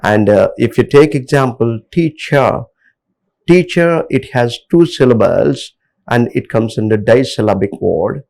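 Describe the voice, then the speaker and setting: A middle-aged man with an Indian English accent giving a classroom lecture, talking haltingly with many filler pauses. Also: medium pitch, gravelly, a little mellow, poor audio.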